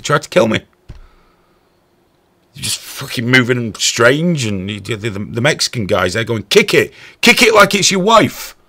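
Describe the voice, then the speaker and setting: Man, profane casual chat, husky voice, lively pitch. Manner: profane, animated storytelling. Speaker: podcast host.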